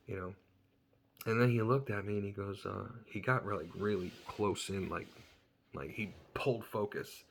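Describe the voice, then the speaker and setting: A man with a fairly low, gravelly voice that has a husky edge, telling a personal story in an earnest, reflective way. His tone is bright and forceful despite the grit, and he drops his voice when he quotes others.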